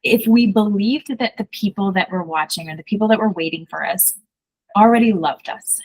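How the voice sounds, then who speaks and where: A woman's voice: mid-range voice, normal speed, darkish tone, low-quality recording. A woman hosting a podcast as a business coach, chatting casually in an enthusiastic, encouraging way, full of "like" and "so". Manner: enthusiastic, encouraging, many fillers like "like".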